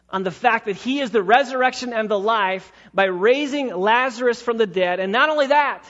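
A man preaching a sermon, dramatic, with swings from loud emphatic lines to hushed ones. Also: sits high, muffled recording. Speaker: pastor.

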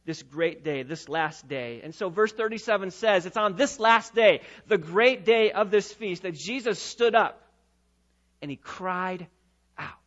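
A man preaching a sermon as pastor, swelling from quiet teaching to loud, passionate proclamation. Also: high-pitched, lively intonation, a little slow, highs cut off. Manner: preaching with rising and falling intensity, sometimes loud.

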